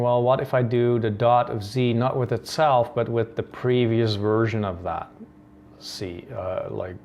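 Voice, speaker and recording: Gravelly Dutch-born man explaining code. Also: fairly low pitch, darkish tone, slight background noise. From Netherlands. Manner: thinks aloud, many ums and restarts. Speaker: coding tutorial host. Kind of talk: screen-recorded coding tutorial.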